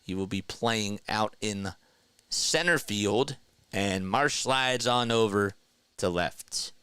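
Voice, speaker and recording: A young man calling a live baseball game play by play for his stream and chatting with viewers between pitches. He jumps up in pitch and volume on big plays and drops low and calm when reading comments. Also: slow, clear, resonant tone, dry recording. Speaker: play-by-play host of an online stream.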